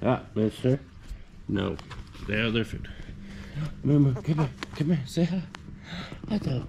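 A man chatting casually to puppies on a vlog, slipping into high sing-song baby talk. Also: expressive, normal speed, gravelly, pauses often, noisy background. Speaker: vlogger showing puppies.

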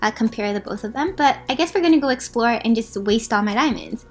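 A young woman hosting a gaming video, giving casual, chatty commentary with apologetic asides and lots of gushing. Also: medium pitch. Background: faint background music.

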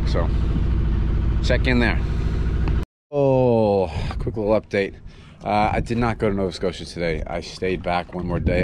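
A young man vlogging casually aboard his small sailboat, swearing freely with bursts of excitement. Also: lowish voice. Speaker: solo sailor vlogger. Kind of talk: casual vlog narration. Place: aboard a small sailboat, engine bay and open deck. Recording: noisy outdoor boat audio.

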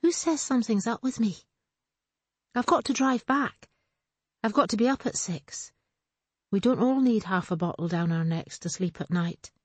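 A woman reading an audiobook, voicing a blunt, swearing young woman who is gravely ill. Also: mid-range voice, animated, moderate pace, pauses often, a little mellow, no echo. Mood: defiant. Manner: swearing, defiant, sardonic. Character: blunt sick young woman, sharp-tongued sister.

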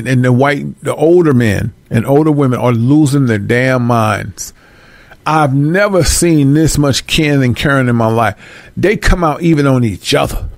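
A man's voice: mid-range voice, no echo. A man delivering a blunt, profane opinion rant to his viewers, emphatic and streetwise. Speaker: vlogger.

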